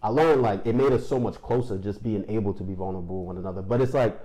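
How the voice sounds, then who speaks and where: Young New York man in his twenties, rapid reflective podcast talk, mellow low tone. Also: rough recording. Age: 20s. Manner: fast, reflective storytelling with slang. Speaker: podcast guest, educator. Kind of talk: casual podcast discussion.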